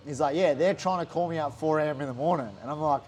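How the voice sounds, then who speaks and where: Animated Australian man telling a story. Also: a little high, quick pace, faint music behind. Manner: animated, swears often, heavy use of "like". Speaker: interview guest, fighter. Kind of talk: casual storytelling chat.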